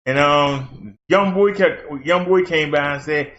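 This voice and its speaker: Host, male, folksy and rambling, voice on the high side, dull recording. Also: measured pace, a bit bright. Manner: rambling, folksy storytelling with fillers. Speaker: channel host. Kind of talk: casual chat. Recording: dull lo-fi sound.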